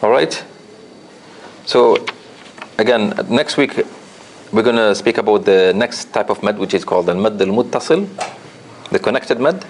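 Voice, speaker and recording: A man's voice: lowish voice, expressive, unhurried, pauses often, slight background noise. A man teaching a tajweed class, correcting students' recitation with patient explanations. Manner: gentle corrective explanations with light laughs.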